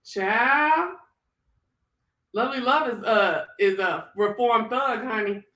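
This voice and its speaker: Animated stream host, chatty and loose, cusses a lot, middle-pitched voice. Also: slow pace. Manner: animated, chatty, swears freely, acts out reactions. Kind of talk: casual live-stream chat.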